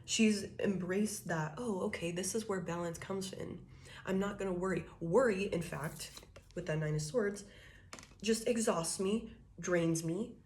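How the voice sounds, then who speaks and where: A woman's voice: mid-range voice, a little hiss or hum. A woman giving a casual tarot reading, talking loosely and profanely, laughing often and acting out quoted thoughts. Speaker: tarot reader.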